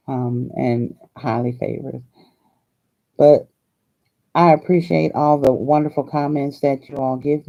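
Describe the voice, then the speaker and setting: A woman's voice: a bass voice, dark tone, dull audio. An older woman from Hawaii hosting a crafting vlog, chatting in a folksy, chatty way and laughing often. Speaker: crafting channel host.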